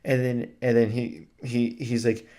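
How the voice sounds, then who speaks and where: A man's voice: mid-range voice, level tone, unhurried, warm tone. A man reviewing a film on his vlog, gushing and enthusiastic, with lots of casual filler words and the odd swear word. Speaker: movie reviewer.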